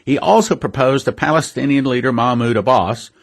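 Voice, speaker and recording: A middle-aged man hosting a radio prophecy ministry, speaking earnestly and slowing down to stress key words. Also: mid-range voice, creaky. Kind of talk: radio sermon commentary.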